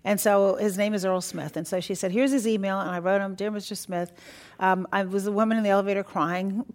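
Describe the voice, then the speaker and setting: An older woman, a guest in an interview, telling stories in a lively, chatty way and laughing often. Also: mid-range voice, a little fast. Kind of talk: storytelling in an interview.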